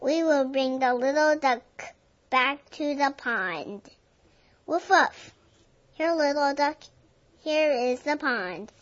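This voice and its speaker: A woman reads a picture book to small children, her high voice carrying each line. She goes very slowly and clearly in a sing-song way. The recording sounds dull and lo-fi. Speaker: storybook reader. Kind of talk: reading a picture book aloud.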